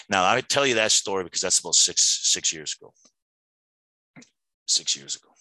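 A middle-aged man tells his sobriety story at a recovery meeting, earnest and halting, with many restarts. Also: deep voice, bright, forceful tone, dry recording, low-quality recording. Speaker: AA speaker sharing his story.

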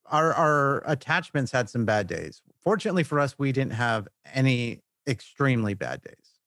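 A man talking calmly in a casual chat with a fellow veteran, easygoing and measured. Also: mid-range voice, dry recording, clean studio sound. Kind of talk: casual conversation.

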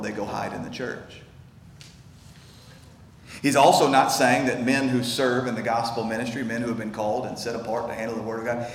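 Preaching in a church sanctuary, a man with a medium-pitched voice delivers an intense, earnest sermon, stammering and repeating words as his message builds. The echoey hall recording has faint ambience and a little hiss or hum.

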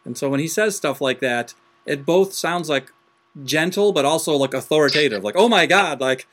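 A man hosting a podcast interview, asking long, rambling questions in a relaxed, chatty way and laughing along. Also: on the high side, normal speed. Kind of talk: casual interview chat.

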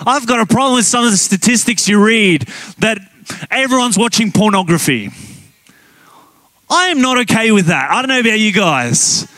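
Aussie pastor guy preaching, high voice, super animated, dry close sound. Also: no echo. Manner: animated, storytelling, quick to laugh, emphatic. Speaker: guest pastor. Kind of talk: sermon.

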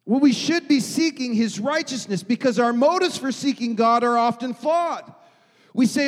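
Emphatic high-voiced preacher in a hall. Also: male voice, normal speed. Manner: emphatic, swings from loud to hushed. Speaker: pastor. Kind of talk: sermon.

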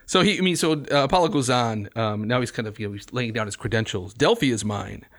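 A man co-hosting a conversational discussion of classical literature, musing out loud, agreeable and halting with frequent restarts. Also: mid-range voice. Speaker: co-host.

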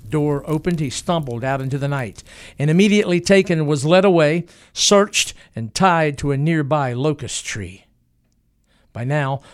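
With a fairly high voice, a man reads scripted documentary narration, recounting a historical event in a dramatic yet measured way.

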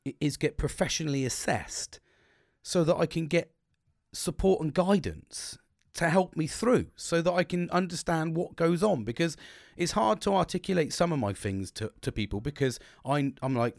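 A man's voice: a little high, animated, moderate pace, vocal fry, no echo, studio quality. A man hosting a podcast, talking casually, swearing a lot and rambling with restarts. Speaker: podcast host.

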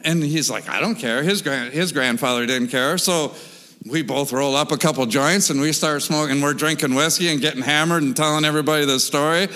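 A man casually telling a wild story with animated, profane delivery, full of sound effects and repetitions. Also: fairly high pitch, a little fast, in a large hall.

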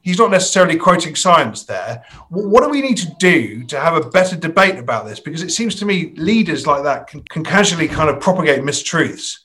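Guy hosting a podcast, chatty, tells little stories, voice a bit high. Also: very animated, a little fast, few pauses, pushed and bright. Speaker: podcast host. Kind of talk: podcast interview.

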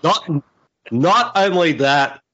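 A man's voice: on the high side, lively intonation, slow, noisy background. A man with an Australian accent, a podcast guest chatting casually and enthusiastically, laughing often. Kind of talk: casual chat. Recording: muffled lo-fi audio.

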